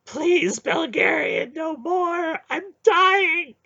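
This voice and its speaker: A man voicing a frightened old male sorcerer-priest, shrill and wailing. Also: drawn-out words, gravelly, pushed and bright, dull audio, full character voice. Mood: begging.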